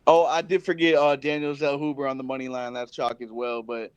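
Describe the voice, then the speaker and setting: A man calling in to a show, talking through his picks in a relaxed, rambling way. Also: medium pitch, brisk, clear, resonant tone, no echo. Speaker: caller. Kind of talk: casual chat.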